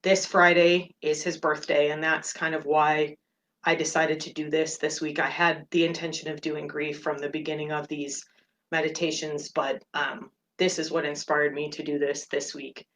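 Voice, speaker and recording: A woman hosting a meditation podcast, talking about personal matters in earnest, halting phrases. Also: sits low, little pitch movement, fairly bright tone, a little hiss or hum. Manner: earnest and open, speaks in halting phrases with fillers. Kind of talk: personal reflective talk.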